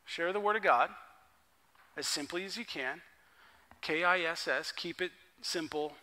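A man preaching a conversational sermon at a church worship service, an excitable and enthusiastic storyteller. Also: a little high, unhurried. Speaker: pastor.

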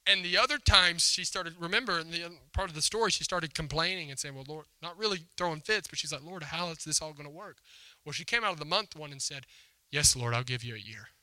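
A man's voice: a little high, quick pace, hardly any pauses, sharp tone, no echo. A man preaching a sermon as a pastor, telling a story in a conversational, emphatic way and acting out the quotes. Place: church hall before a congregation.

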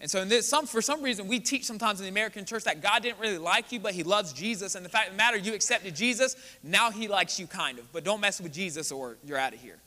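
A man's voice: high voice, fast talker, few pauses, bright, forceful tone. A man preaching a sermon as pastor, earnest and building to emphatic delivery. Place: church sanctuary. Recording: church hall with long reverb.

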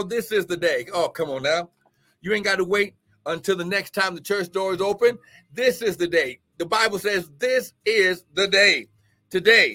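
A man preaching as pastor and prophet on a live stream, fervent and shouting, breaking into tongues. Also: sits high. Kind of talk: charismatic live-stream sermon. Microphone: live-stream microphone.

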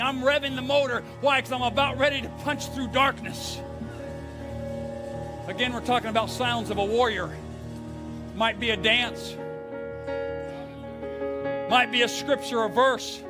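A middle-aged man preaches with a high, ringing voice that climbs into shouts and bursts of song. Instrumental music plays clearly beneath him throughout the sermon. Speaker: pastor.

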